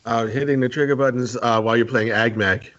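A man's voice: medium pitch, fairly even intonation, brisk, fairly bright tone, highs cut off. A man competing in a podcast quiz, hedging his answers and laughing easily. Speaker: quiz contestant. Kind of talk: casual podcast chat.

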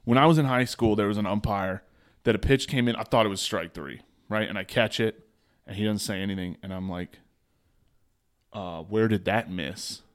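A man's voice: on the low side, brisk. A man co-hosting a comedy podcast, telling stories in a bar and acting out the people in them. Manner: animated storyteller who acts out voices. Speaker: podcast co-host. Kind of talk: casual storytelling banter.

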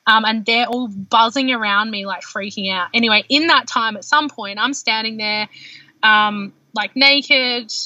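Aussie woman in her 30s telling her birth story, lively, lots of filler words, voice on the higher side, dry room. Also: no echo. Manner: animated, heavy use of filler words. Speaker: podcast guest. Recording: dull lo-fi dry sound.

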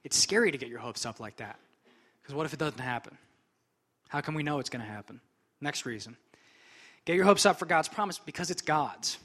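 A man's voice: a little high, animated, fairly quick, pauses often, a bit bright, breathy edge. A young man preaching a sermon as pastor, conversational and chatty, with frequent casual asides.

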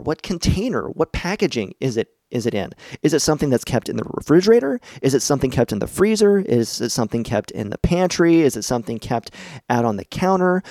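Man, middle-aged, podcast host, chatty and encouraging, a bit high-pitched, dry close sound. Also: darkish tone, dry recording. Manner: chatty, encouraging, laughs often. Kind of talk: casual instructional podcast talk. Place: home basement.

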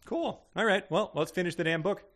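A man's voice: sits high, brisk. A man co-hosting a podcast in casual chat, reading out listener picks with a lot of laughter. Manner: laughs often, animated, jokey. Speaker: podcast co-host.

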